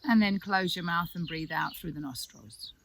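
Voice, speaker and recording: A woman, a yoga teacher giving soft, calm, reassuring breathing instruction with long pauses. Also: on the low side, a little hiss or hum.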